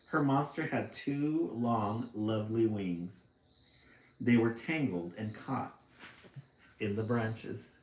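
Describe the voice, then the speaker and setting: A man reading a children's picture book aloud, expressive, with chatty asides between passages. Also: fairly low pitch, takes it slowly, roomy sound, a little hiss or hum, rough recording. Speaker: storytime reader.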